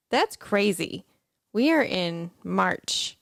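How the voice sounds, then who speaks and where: A woman's voice: medium pitch, lively intonation, slow pace, creaky, no room sound, clean studio sound. A woman co-hosting a morning talk show, chatting playfully with sarcastic quips and frequent laughter. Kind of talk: casual chat.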